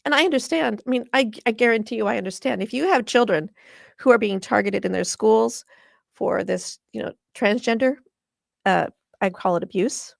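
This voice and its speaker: Gravelly-voiced impassioned woman guest. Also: a little high, moderate pace, no echo, clean studio sound. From Washington State. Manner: earnest and impassioned, often emotional. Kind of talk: conversational interview.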